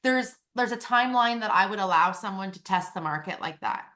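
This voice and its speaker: Bright-voiced chatty woman. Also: mid-range voice, fairly quick. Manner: chatty and animated, filler-heavy. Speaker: real estate agent, podcast guest. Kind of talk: casual interview chat.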